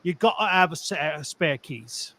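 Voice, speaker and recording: A man's voice: fairly high pitch, animated, normal speed, sharp tone, no room sound, pitched below the performer's own voice. A man reading a post aloud as a working-class heating tradesman, putting on a Cockney accent and dropping words like "me van". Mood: storytelling. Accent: put-on Cockney. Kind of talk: dramatic reading of a forum post.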